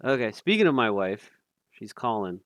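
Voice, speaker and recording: A man casually commentating a live stream, thinking aloud with fillers, self-deprecating and quick to laugh. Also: on the low side, big pitch swings, a little hiss or hum.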